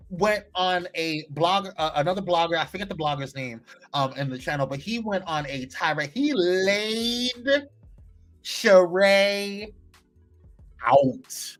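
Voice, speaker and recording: Male live-stream host, playful gossip chat, voice bouncing up and down with lively swings, faint music underneath. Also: high voice. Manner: animated, playful, teasing, chatty with frequent laughs. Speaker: live morning show host. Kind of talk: casual gossip chat, reading viewer comments live.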